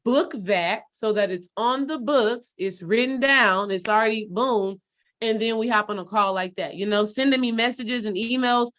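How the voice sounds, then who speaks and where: A woman's voice: on the high side, moderate pace, a bit bright. A woman spiritual coach giving a casual motivational talk to her followers, direct and preachy, calling them sis and baby.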